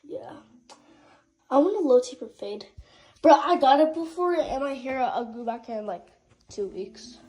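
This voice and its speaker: A woman's voice: sits high, animated, unhurried, pauses often, warm tone, husky, poor audio. A young woman vlogging with her cat, chatting casually in a playful, rambling way with many restarts.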